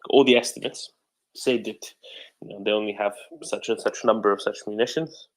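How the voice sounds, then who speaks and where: A man's voice: lowish voice, steady tone, fairly quick, low-quality recording. A man hosting a live audio discussion, talking casually in rambling bursts with many restarts. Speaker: host of a live audio space.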